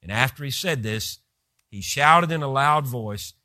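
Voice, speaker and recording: A man's voice: mid-range voice, lively intonation, a little slow, sharp tone, no room sound, studio quality. A man preaching a sermon who retells scripture with vivid, rising emphasis.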